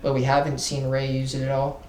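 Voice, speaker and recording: Man, podcast co-host, casual recap, frequent ums, middle pitch, echoey room. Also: monotone, fairly quick, darkish tone. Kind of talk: casual chat. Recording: roomy echo.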